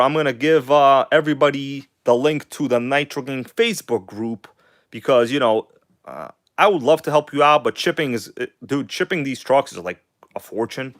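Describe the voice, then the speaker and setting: A man running a casual livestream works on a model engine and talks with his audience, trading animated showman moments for quiet mumbling. His voice is mid-range, and the studio-quality recording has no room sound.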